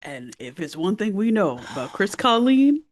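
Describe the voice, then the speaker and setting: A woman co-hosting a podcast, reacting quickly and expressively, often laughing. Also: mid-range voice, big pitch swings. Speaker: podcast co-host. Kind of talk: casual recap chat.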